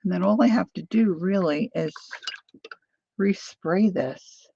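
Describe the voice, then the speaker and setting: A woman's voice: fairly low pitch, slow, gravelly, dark tone, slightly rough, dry recording, lo-fi sound. A woman chatting casually as she demonstrates a craft technique, thinking aloud while she works. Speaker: craft vlogger.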